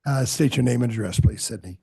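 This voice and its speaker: A man chairing a public board meeting, swearing people in courteously and pausing with fillers. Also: mid-range voice, vocal fry, warm tone, breathy edge. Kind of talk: formal public meeting procedure. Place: meeting room with podium.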